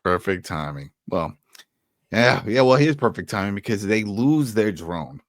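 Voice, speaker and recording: A man co-hosting a casual TV recap chat, retelling scenes in animated bursts with restarts. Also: on the low side, unhurried, no echo, studio quality. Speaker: podcast co-host.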